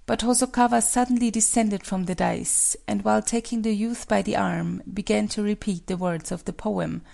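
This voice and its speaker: A woman reading a folk tale as scripted narration, in a measured, solemn way. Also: mid-range voice, fairly even intonation, vocal fry, warm tone. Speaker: storyteller.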